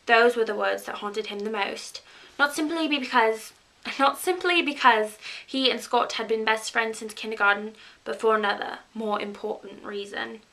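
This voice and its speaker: Woman vlogger, put-on British accent, chatty self-mocking read-aloud; bright, slightly high voice. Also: moderate pace, low-quality recording. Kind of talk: reading a novel aloud on camera.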